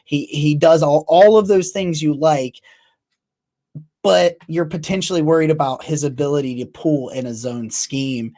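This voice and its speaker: A man's voice: on the high side, normal speed, dark tone. Guy rambling about football over a glitchy video call, lots of restarts. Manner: rambling, with frequent restarts and trailing off. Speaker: podcast host. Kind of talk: casual sports chat. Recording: choppy internet call audio.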